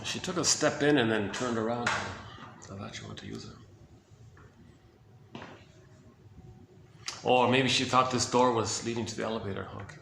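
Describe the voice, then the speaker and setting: A man talks his thoughts through in a loose, rambling monologue, circling back and restarting his sentences. His voice sits at a middle pitch and bounces around an echoey indoor space, with faint ambient hum behind it. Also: measured pace, creaky, long pauses. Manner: rambling, repetitive, full of restarts and asides. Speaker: self-help commentator. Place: indoor building with hallway and rooms.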